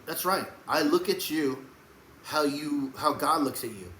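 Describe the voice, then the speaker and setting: A man delivering a rambling faith monologue to camera, preachy and emphatic, often breaking into loud raised outbursts. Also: fairly high pitch, animated, measured pace. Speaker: Christian video blogger. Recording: echoey room with faint background hum.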